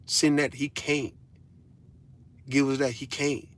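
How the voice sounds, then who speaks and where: A man speaking at an ordinary pitch, delivering a blunt, profane rant straight to his audience. He lectures like a father, circling back to the same phrases to hammer each point home. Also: little pitch movement, slow. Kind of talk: casual ranting monologue.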